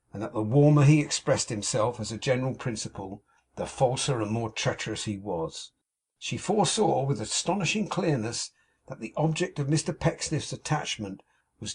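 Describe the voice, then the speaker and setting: Male narrator, husky tone, measured classic-novel reading. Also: mid-range voice, darkish tone. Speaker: audiobook narrator.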